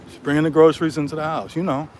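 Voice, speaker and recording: Speaking at a racing pace in a fairly high, darkish voice with a level tone, a man livestreams from a city street, cursing and mocking a rival in an angry rant. The cell phone recording carries a little hiss or hum.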